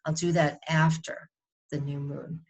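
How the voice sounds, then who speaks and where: A low-pitched woman with a New England accent talks straight to camera as an astrologer, giving her weekly forecast. She speaks conversationally and rambles, often stopping to restart a sentence. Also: little pitch movement, unhurried, vocal fry, a little mellow, slightly rough.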